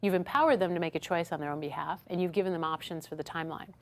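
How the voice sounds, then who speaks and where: A woman's voice: fairly low pitch, fairly even intonation, rapid-fire. A woman instructor teaching a workshop lesson to a small audience. She acts out customer dialogues as she goes and keeps checking in with "right?". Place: studio classroom with a small audience.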